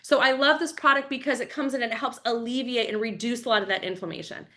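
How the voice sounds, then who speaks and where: A woman in her forties giving a fast, enthusiastic, chatty live-stream sales pitch for wellness products. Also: pushed and bright. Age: 40s.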